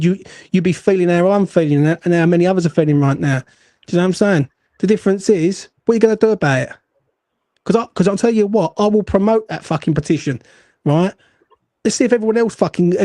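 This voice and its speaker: A man rants bluntly and swears as host of a fan call-in show. His voice sits a little high but sounds dark and mellow, caught dry and close. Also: fast, dry recording. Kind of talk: heated fan call-in chat.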